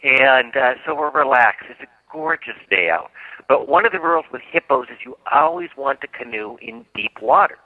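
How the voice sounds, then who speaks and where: A guest author on the radio tells a story with animation, vividly performing the quotes in an expressive, medium-pitched voice at normal speed. The line is dry and phone-like, with no echo.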